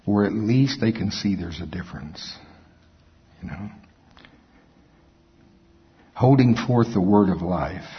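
Brief: male pastor, husky, folksy and self-mocking; sermon from a reverberant hall, lo-fi. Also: lowish voice, animated, slow, long pauses. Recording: echoey hall, dull lo-fi sound.

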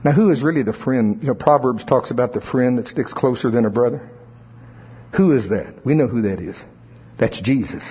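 A man preaching a sermon with a husky, slightly breathy voice at an ordinary pitch. His delivery is conversational, and he slips into the voices of churchgoers to make a point. The recording sounds dull and lo-fi. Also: moderate pace. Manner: conversational, playfully acts out congregants' voices.

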